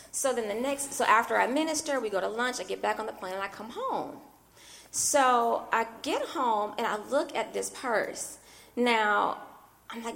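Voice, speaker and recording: A woman minister tells a personal story from the pulpit, her fairly high voice carrying a gravelly fry. She preaches in an animated storytelling way and keeps cutting in with "I mean" asides. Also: normal speed. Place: church.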